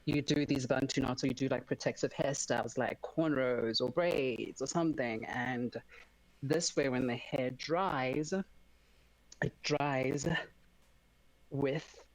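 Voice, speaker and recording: A man's voice: medium pitch, slow pace, low-quality recording. A man, a guest on a live stream, chatting casually and animatedly while showing how he does his hair. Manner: animated, laughing storyteller. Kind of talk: casual chat.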